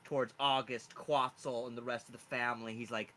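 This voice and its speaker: Brief: male game master, very bright voice, loose and chatty narration. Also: mid-range voice, little pitch movement, a little fast, few pauses. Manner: casual, rambling, many fillers.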